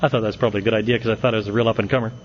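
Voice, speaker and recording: A middle-aged AA speaker gives a funny recovery talk, spinning stories toward punchlines and acting out the quotes. His voice is lowish and steady but races along, and the lo-fi recording carries background noise.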